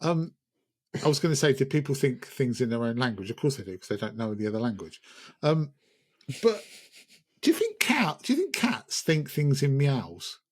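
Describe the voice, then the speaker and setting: Rambling, jokey man, husky and lively. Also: mid-range voice, normal speed. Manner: rambling, jokey, self-mocking. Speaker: podcast co-host. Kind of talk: casual pub chat.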